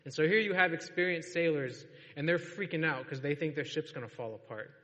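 A man's voice: fairly high pitch, fairly quick, sharp tone, highs cut off. A man preaching a sermon to a congregation in a church, in a casual storytelling way and laughing often. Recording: long reverb of a large hall.

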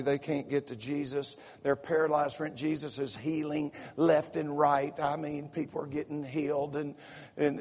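Pastor with a slight Southern lilt, excitable and folksy, fairly high voice, echoing through a big sanctuary. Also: male voice. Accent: Southern US, slipping in from home visit. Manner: excitable, folksy preaching with repetitions and asides. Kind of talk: sermon. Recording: echoey sanctuary reverb.

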